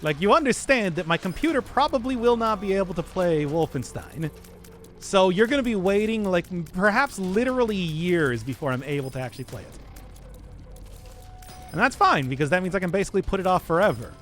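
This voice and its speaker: High, lively-voiced teasing male streamer. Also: brisk, soft background music. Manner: wry, teasing banter with chat. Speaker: streamer reading chat requests. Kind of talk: casual live-stream chat.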